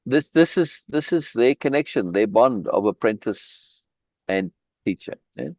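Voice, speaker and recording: A man's voice: mid-range voice, animated, measured pace, darkish tone, dry recording. Emphatic man leading a reading group. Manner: emphatic, repeats words, restarts phrases. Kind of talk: live online book reading and commentary. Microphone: video call.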